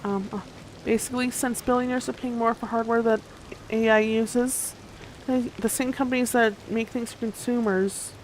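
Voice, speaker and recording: A woman's voice: on the high side, steady tone, moderate pace, slight background noise. A young woman livestreaming a game, chatting casually and a bit sleepily, rambling with lots of fillers and restarts. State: sleepy, yawning. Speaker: gaming streamer. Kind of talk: casual livestream chat while gaming.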